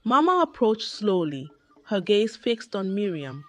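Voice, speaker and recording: Brief: female storyteller, scripted narration, slow dramatic delivery. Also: medium pitch, big pitch swings.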